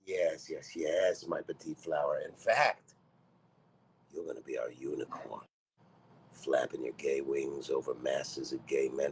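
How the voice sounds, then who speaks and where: A brash comedian reading his own comedy script aloud, loud, abrasive and mocking. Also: extremely low pitch, a little slow, slight background noise. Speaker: guest comedian. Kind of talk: comedy script table read.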